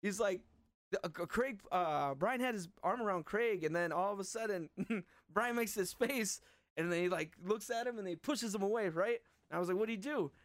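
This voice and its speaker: A man's voice: high voice, moderate pace, no room sound, clean studio sound. A man hosting a casual chat with friends, telling a profane story with lots of laughter.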